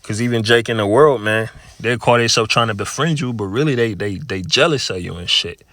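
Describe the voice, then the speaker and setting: A man's voice: lowish voice, brisk, fairly bright tone, no echo, clean studio sound. A man giving a casual spoken religious testimony, profane and full of repeated words and fillers like "you know", "man" and "okay". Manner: profane, repeats words and fills with 'you know', 'man', 'okay'. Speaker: religious speaker.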